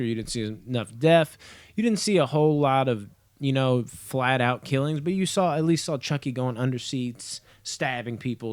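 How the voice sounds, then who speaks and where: A man's voice: mid-range voice, no room sound. A young man giving a casual spoken review of a TV episode, rambling and offhand, with frequent swearing. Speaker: movie and TV reviewer.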